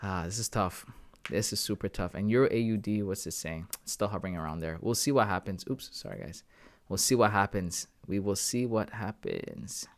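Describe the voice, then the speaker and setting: A man's voice: lowish voice, moderate pace. Young man thinking aloud to his chat. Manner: thinking aloud, talks to chat with "guys" and "bro". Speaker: trading livestream host. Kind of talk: casual live commentary.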